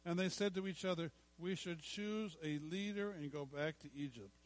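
A middle-aged male pastor preaching a sermon, slowing down to stress scripture and dropping to quiet asides. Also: on the high side, dry recording, rough recording. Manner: emphatic preaching, slows to stress scripture, drops to hushed asides.

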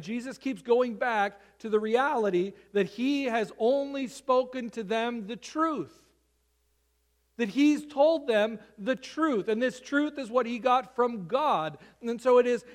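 A man preaching a sermon, reading scripture aloud and then explaining it in an earnest, emphatic way that keeps driving his main points home. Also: very high voice. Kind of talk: sermon, Bible reading and teaching.

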